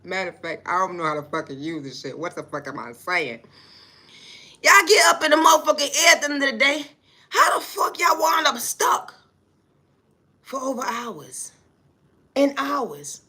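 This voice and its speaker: A woman's voice: on the high side, big pitch swings, moderate pace, pauses often, bright, forceful tone, husky. A woman telling a comic story as an exasperated, profane rant, often breaking into laughter. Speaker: vlogger.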